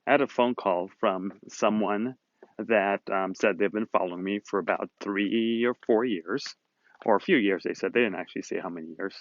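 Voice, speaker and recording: In a dry recording with the highs cut off, a man with a fairly low voice speaks at normal speed. He hosts a motivational video series in Southern California and delivers a casual, upbeat monologue to the camera, meandering a little as he recounts a conversation.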